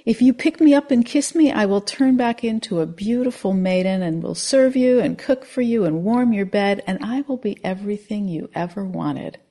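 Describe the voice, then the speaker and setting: A woman's voice: medium pitch, moderate pace, few pauses, warm tone, pitched above the performer's own voice, natural voice. A woman voicing a cursed frog that begs to be kissed and promises to become a beautiful maiden. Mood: coaxing. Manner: pleading, coaxing.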